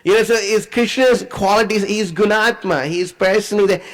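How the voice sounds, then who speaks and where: Animated man retelling scripture. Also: high voice, moderate pace, rough recording. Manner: animated, conversational, many fillers. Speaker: preacher. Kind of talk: scripture class storytelling.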